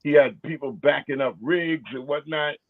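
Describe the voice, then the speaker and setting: A man's voice: fairly high pitch, moderate pace, narrow, tinny audio. A man chatting casually and wryly as a guest on a podcast. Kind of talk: casual chat.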